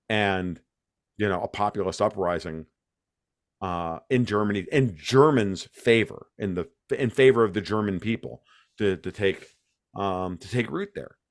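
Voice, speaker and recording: A man from the United States with a voice on the low side, heard in a dry studio-quality recording. Sharing his views as an interview guest, he rants emphatically and restarts sentences a lot in an animated, conversational interview.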